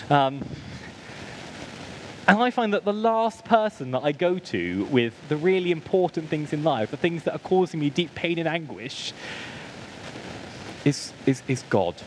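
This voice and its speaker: A man's voice: fairly high pitch, big pitch swings, measured pace, pauses often, slight background noise, low-quality recording. A British man giving a church sermon with humorous asides, self-deprecating stories and frequent ums. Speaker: preacher.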